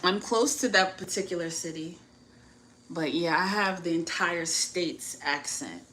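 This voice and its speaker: Woman with a US Northeast accent, unhurried delivery, frank and chatty advice-vlogger with a self-mocking laugh. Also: lowish voice, a bit bright, poor audio. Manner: chatty and frank, many "like" fillers, laughs at herself. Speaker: YouTuber giving dating advice. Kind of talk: casual advice vlog.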